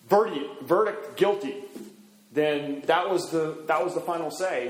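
Male preacher, conversational teaching sermon, high voice, echoey room. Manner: conversational, acts out quotes. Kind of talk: expository sermon.

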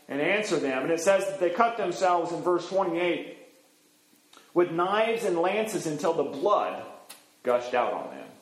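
A man in the role of pastor giving a sermon, teaching from the Bible in a conversational way with frequent fillers. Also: high voice. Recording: roomy echo.

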